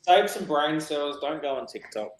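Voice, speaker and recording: A man's voice: on the high side, animated, moderate pace. A man from Australia with an Australian accent, chatting casually in a blunt, teasing way. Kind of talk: casual chat.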